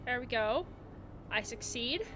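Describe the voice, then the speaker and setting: A woman's voice: a little high, expressive, unhurried, over music. A young woman streaming a game, playful and muttering to herself as she plays. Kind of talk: gaming livestream commentary.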